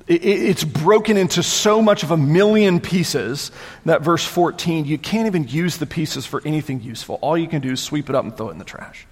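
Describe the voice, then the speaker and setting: A man preaching a sermon as pastor, conversational and animated, often repeating words as he goes. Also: on the high side, fairly quick, breathy edge, in a large hall.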